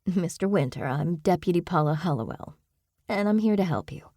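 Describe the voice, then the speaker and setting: A woman reading an audiobook voices a female sheriff's deputy who speaks in a soft, musical tone. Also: on the low side, animated, brisk, dry recording, clean studio sound. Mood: reassuring. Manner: soft and musical when reassuring.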